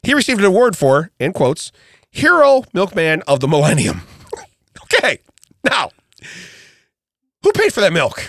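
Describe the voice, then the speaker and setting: An older man with a fairly high, lively voice that swings up and down as he spins jokes. He laughs through his stories on a podcast recorded in a dry studio. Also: a little slow, pauses often, no echo. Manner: animated storytelling, laughs often. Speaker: podcast co-host. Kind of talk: casual comedic chat.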